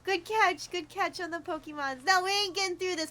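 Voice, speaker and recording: Bubbly high-voiced woman streamer. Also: brisk, sharp tone, a little hiss or hum. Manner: bubbly, giggly, talks to chat. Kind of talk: casual gameplay livestream chat.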